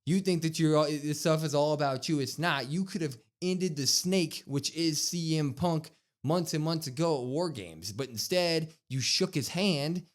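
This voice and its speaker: Speaking at a moderate pace in a fairly high-pitched voice, a man co-hosts a wrestling podcast and chats casually through an episode recap. When he quotes people, he acts the lines out animatedly with his voice raised.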